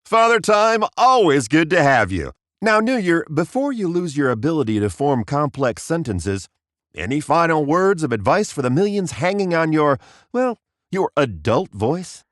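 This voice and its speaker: A man's voice: on the high side, sing-song, normal speed, no room sound, studio quality. Wry male comedy talk-show host. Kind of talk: comedy interview.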